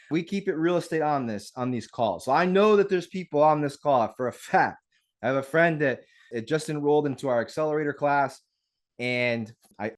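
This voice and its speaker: A man hosting a live real estate webinar, talking in an energetic, upbeat way straight to his audience over a video call mic. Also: mid-range voice. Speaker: webinar host.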